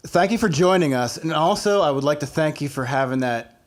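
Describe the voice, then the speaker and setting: A man co-hosting a podcast, telling stories about playing music in an earnest, halting way. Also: fairly high pitch, animated. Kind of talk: casual chat.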